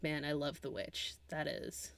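A woman co-hosting a podcast, chatting casually about films, animated and often laughing as she trails off into asides. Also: deep voice, unhurried, creaky. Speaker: podcast co-host. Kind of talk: casual film chat.

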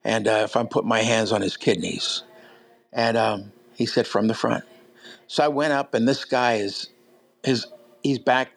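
A man's voice: mid-range voice, vocal fry, poor audio. A big man preaching, telling stories conversationally with many fillers and restarts. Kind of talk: sermon storytelling.

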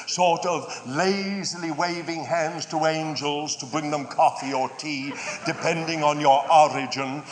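An older man with a British accent preaches slowly and deliberately, leaning hard on key words. His voice sits high, and he slips in dry, humorous asides. The sound carries the long reverb of a large hall. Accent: British English. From United Kingdom. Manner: measured, drawn-out emphasis with wry humorous asides. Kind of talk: sermon.

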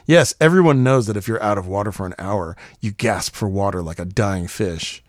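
Low-voiced man with wry asides. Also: moderate pace, no echo, studio quality. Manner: wry, deadpan interjections and jokes. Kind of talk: casual comedic chat.

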